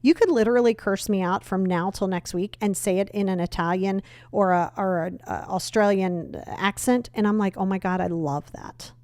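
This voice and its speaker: A woman's voice: mid-range voice, steady tone, normal speed, few pauses, a little mellow, no room sound. A young woman hosting a self-help podcast, talking bluntly and emphatically with some mild cursing. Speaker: podcast host. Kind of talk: motivational self-help talk.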